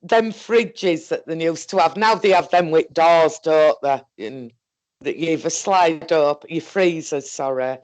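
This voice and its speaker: A woman with a Northern English accent telling a story in a casual, halting, rambling way, swearing often. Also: deep voice, darkish tone, no echo, lo-fi sound. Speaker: guest recounting an experience.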